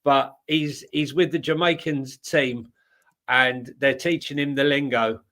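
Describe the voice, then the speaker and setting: A man's voice: medium pitch, steady tone, measured pace, fairly bright tone. A man co-hosting a casual football chat show, jokey and rambling, laughing often. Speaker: co-host.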